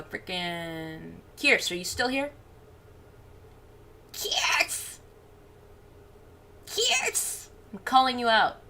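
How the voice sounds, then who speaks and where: A woman's voice: medium pitch, fairly bright tone. A woman streamer chatting casually and playfully with her viewers. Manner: chatty, playful, talks to chat. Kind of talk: casual live-stream chat.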